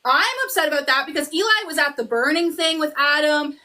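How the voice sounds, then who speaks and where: A young woman hosting a livestream, chatting casually and retelling plot points in quick run-on bursts like an excited fan. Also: high-pitched. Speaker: livestream host. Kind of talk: casual chat.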